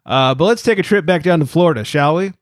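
A man with a slightly high voice talks quickly while hosting a casual beer podcast, cracking jokes and reading short news stories aloud. The recording is dry and has a clean studio sound.

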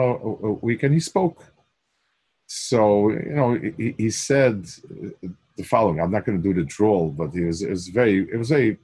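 A man's voice: on the low side, darkish tone, husky. An older man teaching a Torah class, mixing Hebrew phrases into English with frequent restarts.

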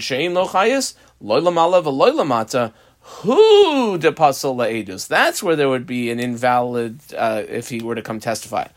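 A man teaching a Talmud page, reading the Aramaic phrase by phrase and explaining each in English, with frequent ums. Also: mid-range voice. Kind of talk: Talmud lesson reading and translating text.

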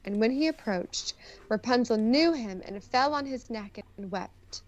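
A woman podcast co-host reading a fairy tale aloud and chatting, animated and teasing. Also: fairly high pitch, measured pace, muffled recording. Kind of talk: casual chat and storybook narration.

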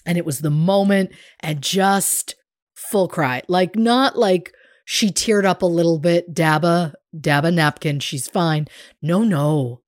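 A woman's voice: on the low side, slow, dry recording, clean studio sound. A woman co-hosting a podcast, chatting casually and telling a story animatedly, acting out the other people in it. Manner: animated storyteller, acts out quoted voices. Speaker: podcast co-host. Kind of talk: casual chat.

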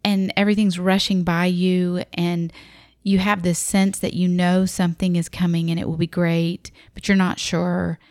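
A woman telling a personal story in a reflective, vivid way, sometimes dropping to a hush. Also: lowish voice, little pitch movement, moderate pace, dry recording, studio quality.

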